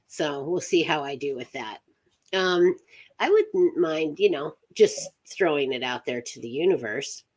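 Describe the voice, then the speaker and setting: A woman's voice: low-pitched, animated, unhurried, darkish tone, breathy edge. A woman from upstate New York hosting a witchcraft chat show, talking in a rambling, chatty way with frequent laughter. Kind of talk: casual live chat.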